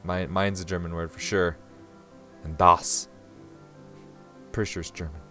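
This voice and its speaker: A man's voice: sits low, steady tone, unhurried, bright, forceful tone, soft background music. A man hosting a gaming video, chatting casually with crude jokes and laughter between lines. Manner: laughing, crude joking asides. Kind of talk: casual let's-play commentary.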